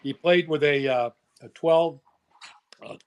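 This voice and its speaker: A man in his seventies reminiscing in a casual chat, unhurried, with frequent pauses. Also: a little high, clean tone, muffled recording.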